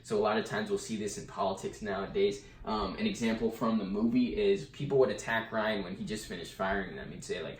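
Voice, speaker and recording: A man's voice: lowish voice, a little fast, few pauses, slight background noise. A man giving a casual summary lecture of a textbook chapter, with fillers and restarts. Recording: echoey room, mic at a distance.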